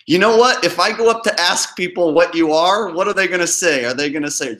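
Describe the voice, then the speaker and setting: A man's voice: on the high side, moderate pace, fairly bright tone. A man hosting his own show, mocking another creator's video with sarcastic reaction commentary and frequent laughter. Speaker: host.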